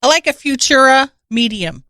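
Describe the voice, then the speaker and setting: A woman's voice: sits high, animated, moderate pace, pushed and bright, no room sound. A woman co-hosting a comedy podcast, chatting casually with dry, offhand quips. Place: home room podcast setup.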